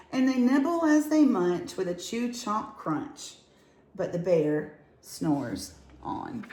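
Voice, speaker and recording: Lively woman reading a picture book. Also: medium pitch, slow. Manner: lively, sing-song rhymes. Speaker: storyteller. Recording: echoey room.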